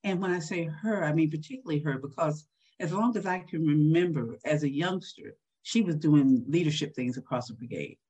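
A woman in her sixties, husky-voiced, recalling a personal story in a candid interview with a soft laugh now and then. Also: deep voice, brisk, dull audio. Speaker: guest.

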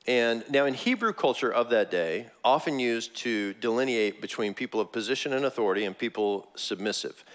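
Animated preacher man with lively pitch. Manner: animated, acts out biblical figures in a raised voice. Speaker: pastor. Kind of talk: sermon.

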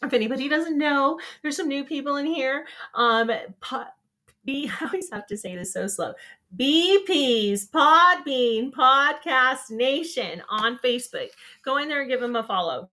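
A woman's voice: sits high, brisk, fairly bright tone. A woman hosting a casual live show, chatting in a rambling way with lots of ums and laughing at her own jokes. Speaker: show host.

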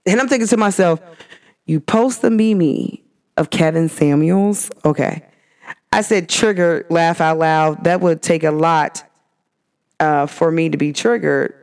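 A woman's voice: sits low, measured pace, darkish tone, smooth. A woman hosting a podcast, venting in a casual monologue and retelling arguments with quoted back-and-forth. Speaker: podcast host.

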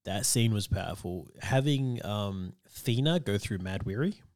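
A man with a fairly low voice, co-hosting a relaxed film podcast. He explains comic-book lore at length and laughs often. The sound is dry, with no room echo. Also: a little slow. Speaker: podcast co-host. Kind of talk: casual film discussion.

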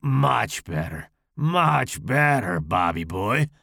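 A man growling as a gravelly slasher villain. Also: lowish voice, big pitch swings, slow pace, bright, forceful tone, no echo, studio quality, heavily acted. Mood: menacing, crude. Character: deformed hulking male slasher villain, crude, menacing. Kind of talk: audiobook character voice.

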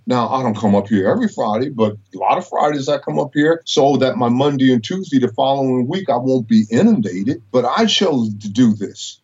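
A man's voice: medium pitch, lively intonation, fairly quick, few pauses, a little mellow, breathy edge, lo-fi sound. A middle-aged man, a college professor, telling stories emphatically and preacherly, with biblical references. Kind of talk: inspirational storytelling interview.

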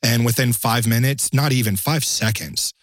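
A man's voice: medium pitch, moderate pace, no room sound, clean studio sound. A man, a former bodyguard, telling a story as a guest in a podcast interview, blunt and profane, acting out what other people said.

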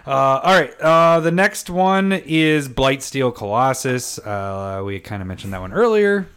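Casting: adult man, mid pitch, easygoing co-host, quick to laugh, trails off mid-sentence. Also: expressive, a bit bright, a little hiss or hum. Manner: joking, laughs often, trails off. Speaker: podcast co-host. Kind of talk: casual chat about a card game.

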